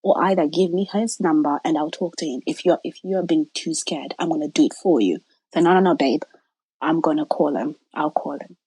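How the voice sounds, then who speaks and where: Woman, story guest, low husky voice, dry close sound. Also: brisk, no echo, low-quality recording. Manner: animated retelling, acting out quoted voices, drops to near-whispers. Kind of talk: personal storytelling.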